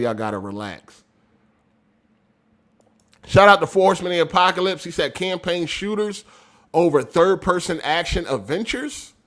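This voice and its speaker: A man hosting a casual gaming podcast livestream, reading viewer messages aloud, talking loud and animated, laughing often, in street slang. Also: fairly high pitch. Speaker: podcast host reading super chats.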